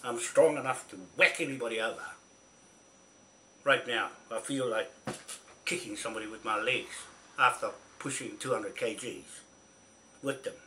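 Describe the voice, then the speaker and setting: A man rants at the camera, scolding and circling back to the same accusations. His voice is bright and sharp, set at an ordinary middle pitch. A faint hiss of room noise sits behind him. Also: moderate pace, pauses often. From New Zealand. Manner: confrontational, scolding, repetitive. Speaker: vlogger. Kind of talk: angry rant to camera.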